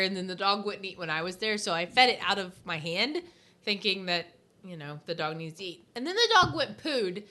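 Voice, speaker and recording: A woman co-hosting a podcast, telling stories and reading odd news items in a giggly, animated way. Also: mid-range voice. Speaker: podcast co-host.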